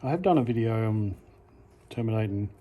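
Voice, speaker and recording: An Australian man casually talking through a hands-on how-to demonstration, relaxed and unhurried, stopping now and then to correct himself. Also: on the low side. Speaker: amateur radio hobbyist.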